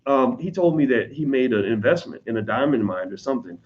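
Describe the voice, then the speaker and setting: A man with an American accent talking casually to his audience, blunt and profane, slipping into quick mimicry of other people. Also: medium pitch, lively intonation, lo-fi sound. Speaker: online commentator on business. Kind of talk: casual unscripted monologue.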